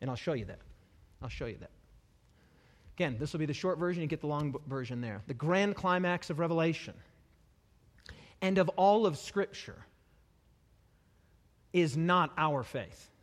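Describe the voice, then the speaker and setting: A male preacher giving a sermon to a live congregation, animated and repetitive, dropping humorous asides. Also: fairly high pitch, moderate pace, long pauses. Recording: long hall reverb.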